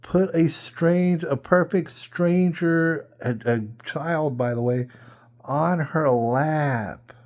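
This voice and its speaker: A man's voice: a little high, slow pace, a little mellow. A man hosting a podcast, telling a casual story in an incredulous way, full of rhetorical questions and repeats. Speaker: podcast host.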